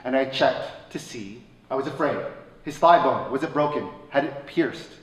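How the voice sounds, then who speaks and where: A man telling a personal story at a live show, swinging between loud excited bursts and quiet somber lines. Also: medium pitch, normal speed. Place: stage at a live radio show. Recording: echoey stage from a distance, faint room noise.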